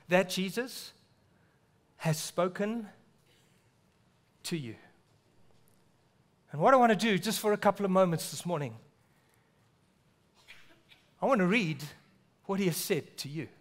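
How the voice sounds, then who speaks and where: A man from South Africa preaching a sermon in church, earnest, often dropping to a hushed, low voice on key words. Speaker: pastor.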